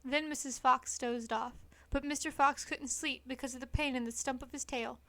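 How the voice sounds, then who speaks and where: A woman reads a children's storybook aloud with an expressive, lively delivery. Her voice is high and bright, recorded close in a dry, dead space. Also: normal speed, dry recording. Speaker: storybook reader.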